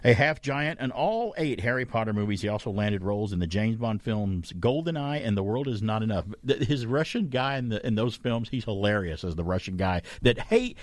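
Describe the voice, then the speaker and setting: A male radio host with a fairly low voice that rises and falls a great deal as he talks. He rambles in an easygoing way, often stopping to correct himself. The studio sound is close and dry. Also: dry recording. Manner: rambling, chatty, self-correcting. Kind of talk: casual chat radio talk. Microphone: studio microphone.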